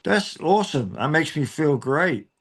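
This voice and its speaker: A man's voice: on the high side, sing-song, a little slow, a bit bright. A male drummer in a casual interview, rambling with lots of ums and restarts and cracking jokes. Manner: rambling, joking, many fillers and restarts. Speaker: drummer, band member.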